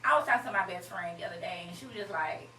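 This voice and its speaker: A woman's voice: fairly low pitch, very fast, bright, forceful tone, a little hiss or hum. A woman guest in a casual chat, telling stories in a blunt, emotional way. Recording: echoey room, voice from far off.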